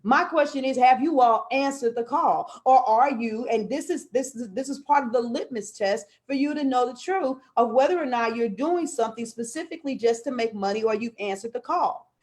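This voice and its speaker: A woman's voice: a little high, normal speed, hardly any pauses, a little mellow. A woman hosting a live podcast, talking in a fervent, preachy way and repeating words when she gets fired up. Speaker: podcast host. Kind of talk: live-streamed podcast talk. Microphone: live stream on a video call.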